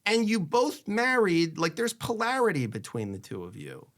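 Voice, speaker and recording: A man, a divorce attorney, giving candid marriage advice in a conversational way. He acts out both spouses' lines, and he goes soft and hushed when he shares a personal story. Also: high-pitched, huge pitch swings, normal speed.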